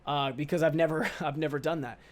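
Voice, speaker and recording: A young man in his twenties with a slightly higher-than-average voice, hosting his own podcast. He talks off the cuff, loose and slangy with the odd swear word. He sounds upbeat and excitable. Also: a little fast. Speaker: podcast host. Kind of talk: casual podcast monologue.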